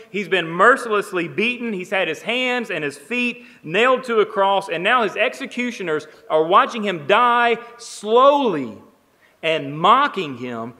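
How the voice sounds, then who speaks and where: A man preaching a sermon, emphatic, building on repeated phrases and swinging between quiet, slow lines and raised ones. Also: high voice, big-room sound. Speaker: pastor.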